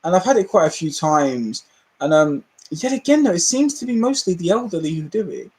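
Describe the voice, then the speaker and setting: A man with a high, bouncy voice that swoops all over the place as he rants on a livestream. He laughs often and swears freely, his tone jumping between exasperation and amusement. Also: brisk. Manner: animated ranting, laughing and swearing. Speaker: livestream host. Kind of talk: casual livestream chat.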